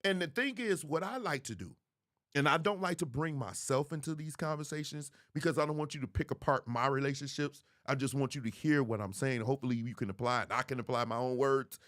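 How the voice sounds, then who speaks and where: A man's voice: medium pitch, a little fast, fairly bright tone. A man, hosting a livestream commentary in an emphatic, preachy way, repeating phrases for effect. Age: 40s. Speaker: host.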